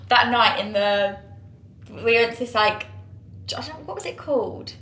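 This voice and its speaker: Young woman, higher voice, chatty podcast co-host, roomy echo. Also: moderate pace, a bit bright. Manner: chatty, laughs often, full of "like". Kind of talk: casual chat. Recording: echoey room.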